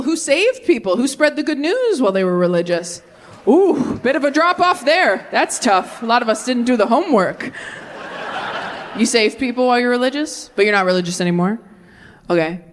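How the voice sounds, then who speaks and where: A woman's voice: on the high side, very animated, moderate pace, some chatter behind, a little hiss or hum. A woman performing a stand-up comedy set on a club stage, brash and self-deprecating, talking frankly to a live audience.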